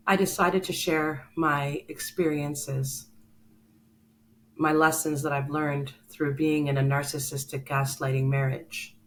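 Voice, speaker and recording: A podcast host with a low voice tells a personal story earnestly and emotionally, addressing the listener directly. The recording is low quality with slight background noise.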